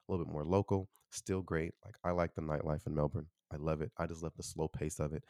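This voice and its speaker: Speaking quickly in a deep, low voice with a dark tone, a young podcast host from Chicago, USA, rambles solo through loose sentences packed with "like," "you know" and relaxed asides. The sound is close-miked and dry, without any room echo.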